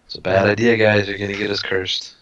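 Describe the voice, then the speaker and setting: A man's voice: lowish voice, level tone, brisk, fairly bright tone, highs cut off. A man playing a tabletop game, thoughtful and cautious, often restarting his sentences. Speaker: player. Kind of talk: casual tabletop game talk.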